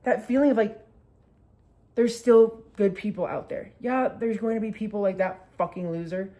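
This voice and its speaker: A woman's voice: medium pitch, moderate pace, mellow. A woman in her twenties tells a story in a casual, chatty way, swearing freely and saying "like" a lot. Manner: chatty, profane, heavy use of "like". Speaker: vlogger.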